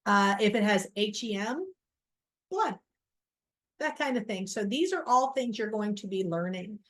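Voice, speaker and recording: A woman's voice: medium pitch, expressive, unhurried. A middle-aged woman teaching a recorded college lecture over slides, casual and self-deprecating. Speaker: college biology instructor.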